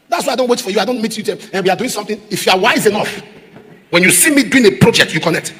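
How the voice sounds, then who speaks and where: Fiery pastor preaching in a hall. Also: male voice, high voice, rapid-fire, breathy edge. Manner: preaching with repeated refrains, rising to shouts. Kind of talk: sermon. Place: large church auditorium. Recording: echoey church hall.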